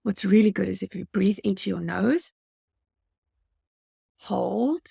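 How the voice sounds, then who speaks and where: A woman's voice: medium pitch, takes it slowly, vocal fry, warm tone, husky, no echo, clean studio sound. A woman giving a motivational customer service training talk, earnest and coaching, speaking straight to her viewers.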